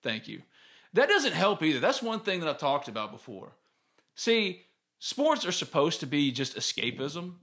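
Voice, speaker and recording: A man's voice: on the high side, big pitch swings, normal speed, sharp tone. A man, hosting a casual sports podcast and telling stories in a candid, rambling way. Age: 30s. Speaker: podcast host.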